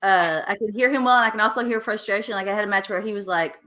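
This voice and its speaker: A woman's voice: mid-range voice, fast talker, bright, forceful tone. A woman hosting a casual chat, asking questions with lots of fillers and restarts. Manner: curious, asks questions with frequent fillers. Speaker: host.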